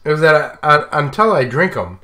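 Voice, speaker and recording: A man's voice: on the high side, very animated, normal speed, pushed and bright. A man hosting a live stream, drunk and slurring, effusive and giggly as he rambles through casual chat. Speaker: live stream show host.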